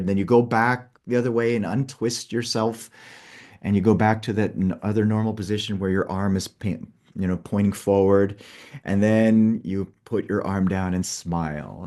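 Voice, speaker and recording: Speaking in a deep voice with a darkish tone, a workshop facilitator instructs a participant through a group exercise step by step. He checks in often with "okay".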